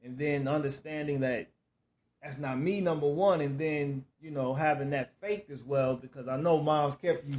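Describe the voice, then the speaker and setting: Slightly high-voiced male interviewer. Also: fairly even intonation, normal speed, a little mellow. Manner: affirming, with frequent backchannel responses. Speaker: interview host. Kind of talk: casual interview talk.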